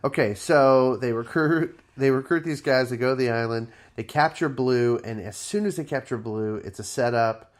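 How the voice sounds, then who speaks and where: A man co-hosting a podcast, casually retelling a film plot in a slangy, relaxed way. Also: mid-range voice, normal speed. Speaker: podcast co-host. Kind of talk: casual chat.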